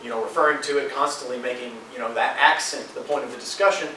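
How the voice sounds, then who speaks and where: A man's voice: medium pitch, fairly even intonation, fast talker, pushed and bright, a little hiss or hum. A young man giving a casual class presentation, with frequent fillers and restarts. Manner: informal, many fillers. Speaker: student presenter. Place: lecture room. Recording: echoey lecture hall, distant mic.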